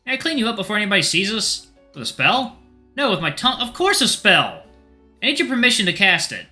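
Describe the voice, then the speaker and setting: A jumpy young male student, played by a man, with a high, bright voice that swings widely. He sounds cheeky and easily flustered, with music faintly underneath. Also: huge pitch swings, quick pace, heavily acted. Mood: bickering.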